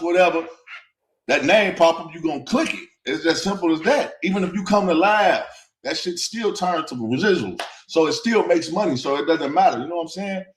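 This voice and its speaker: Defiant man in his thirties, echoey room. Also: a little high. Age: 30s. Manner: defiant, streetwise, blunt. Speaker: interviewee. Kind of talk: casual interview talk.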